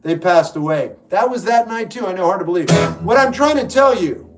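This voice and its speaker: A man's voice: sits high, lively intonation, a little fast, music in the background. A man from New Jersey hosting a livestream, reading viewer comments and giving blunt, wry advice. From New York / New Jersey. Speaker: livestream host and musician. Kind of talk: casual livestream chat answering viewers.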